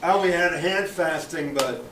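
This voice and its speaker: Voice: mid-range voice, normal speed. Terse audience member heard from afar. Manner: short, flat, reluctant answers. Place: comedy club audience. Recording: distant, roomy, noisy club with crowd.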